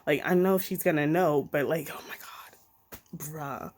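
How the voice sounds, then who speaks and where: A woman casually reviewing a mystery novel on her channel, excited and expressive, with slang and swearing. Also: low voice, normal speed, slight background noise. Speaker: BookTube reviewer. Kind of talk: casual book review vlog.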